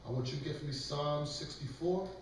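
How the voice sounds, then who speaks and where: A man's voice: fairly high pitch, a little fast, slight background noise. A man preaching and leading a scripture class, lecturing emphatically and calling on others to read. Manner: emphatic, lecturing, calls for readings. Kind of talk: preaching sermon. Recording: echoey room, mic far off.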